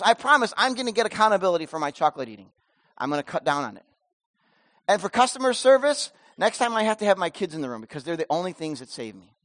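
A middle-aged pastor preaching to his church, telling stories and jumping from loud, punchy lines to hushed, low asides. The sound is close and dry, with no room echo. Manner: animated storytelling with wide swings in pitch and loudness. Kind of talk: sermon.

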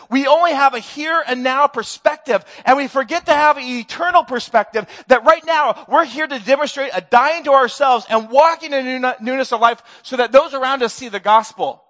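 A man's voice: very high voice, moderate pace, few pauses, fairly bright tone. A middle-aged man preaching a sermon to his church, earnest and conversational, with touches of self-deprecating humor. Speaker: pastor. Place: church sanctuary.

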